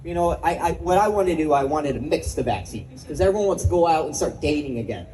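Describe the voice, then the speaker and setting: A man's voice: on the high side, lively intonation, quick pace, dark tone, poor audio. A young man doing a stand-up comedy set at an open mic, self-mocking and swearing, laughing at his own jokes.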